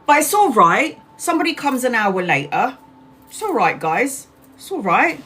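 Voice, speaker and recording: A woman's voice: fairly high pitch, normal speed, slightly rough. A woman in her forties, a tarot reader livestreaming, angrily retelling a personal story to her viewers, swearing and acting out what others said. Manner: angry, animated retelling with swearing and acted-out quotes.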